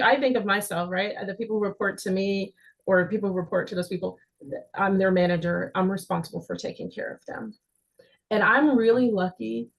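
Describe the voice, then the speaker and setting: A woman with a slightly gravelly, fry-tinged voice talks through workplace advice as a webinar panelist. She speaks earnestly and conversationally, tossing in quick asides to the audience as she goes. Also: mid-range voice, rough recording. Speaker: panelist, manager at a large organization.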